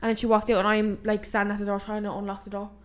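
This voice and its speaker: Fast-talking young Irish woman. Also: mid-range voice, monotone. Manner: chatty, quick back-and-forth, short agreeing replies. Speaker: podcast co-host. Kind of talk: casual chat.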